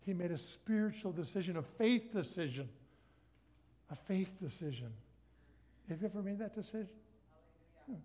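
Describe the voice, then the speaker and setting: Middle-aged male guest preacher, high-pitched, lively storyteller who voices the dialogue. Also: moderate pace, long pauses. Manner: animated storytelling, acts out his own inner dialogue. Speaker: guest speaker. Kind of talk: sermon.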